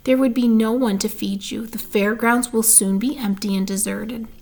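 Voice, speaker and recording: A woman reading a storybook aloud, voicing a wise, calm female spider who speaks quietly and gently. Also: a little high, moderate pace. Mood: firm calm.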